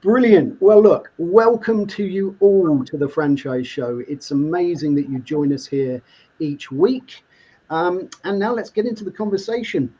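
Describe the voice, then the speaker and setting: A man's voice: sits high, unhurried, mellow, breathy edge. A man hosting a live online show, welcoming guests and reading viewer comments with frequent laughter. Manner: reads viewer comments aloud, laughs often. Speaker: host. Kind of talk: upbeat live show chat. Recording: muffled lo-fi online stream audio.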